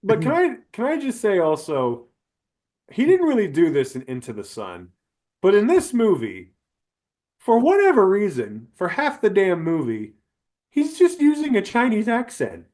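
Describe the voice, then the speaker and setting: A man's voice: sits high, huge pitch swings, moderate pace, darkish tone. A man co-hosting a podcast, giving a casual, comedic movie review and ranting with lots of swearing and emphasis. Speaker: podcast co-host.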